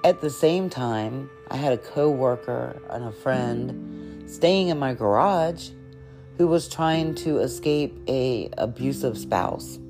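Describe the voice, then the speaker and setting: A woman's voice: rumbling low, lively intonation, slow, over music. A middle-aged woman telling a personal spiritual story in a candid, conversational way, with fillers and self-corrections. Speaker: podcast host.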